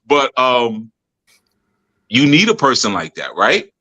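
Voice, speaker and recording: Laughing frequently, this spiritual teacher shares stories on his podcast in relaxed, slang-filled talk. He speaks slowly but with great animation, his medium-pitched voice bright and forceful.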